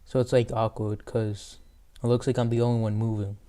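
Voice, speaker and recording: Teenage boy host, mellow and smooth. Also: fairly low pitch, level tone, fairly quick. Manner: rambling, lots of fillers. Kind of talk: casual interview.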